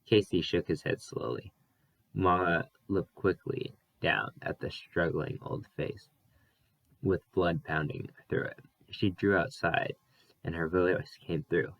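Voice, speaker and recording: A man reading a novel aloud as an audiobook, careful and unhurried, with small slips he corrects. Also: low voice, gravelly, a bit bright, no room sound, highs cut off. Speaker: audiobook reader. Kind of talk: audiobook narration.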